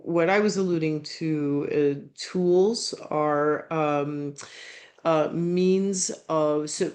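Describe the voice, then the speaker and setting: Speaking on an online panel, this art historian has a somewhat high, slightly mellow voice. He hesitates, gropes for words, and keeps starting over.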